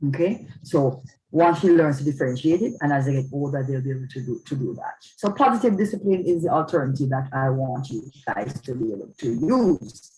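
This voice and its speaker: A woman's voice: a bass voice, lively intonation, fairly quick, darkish tone, rough recording. Female speaker at a church event, earnest, keeps asking "all right?" to check in with listeners. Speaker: speaker on parenting. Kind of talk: church talk.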